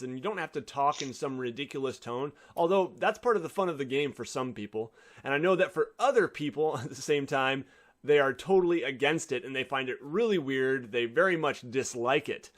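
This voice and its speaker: Male video presenter, scripted tips, clear and encouraging. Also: mid-range voice, a bit bright. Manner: clear, advice-giving delivery. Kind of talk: scripted narration.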